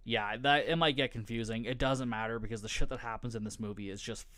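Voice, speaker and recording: A man's voice: mid-range voice, steady tone, fast, a bit bright. A man hosting a podcast, recapping a film casually with lots of swearing, jokes and laughter. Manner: profane, joking, laughs often. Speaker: podcast host.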